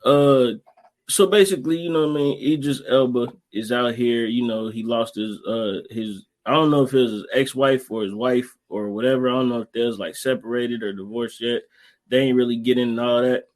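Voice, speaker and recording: A man's voice: medium pitch, a little fast, a little mellow. A man co-hosting a podcast in casual chat, laid-back and joking, full of fillers. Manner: laid-back, joking, fillers like you know what I'm saying. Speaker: podcast co-host.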